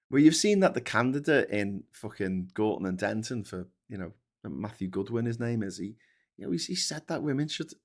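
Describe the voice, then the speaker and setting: A man's voice: medium pitch, fairly bright tone. Sweary ranting male podcast host. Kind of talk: casual ranting commentary.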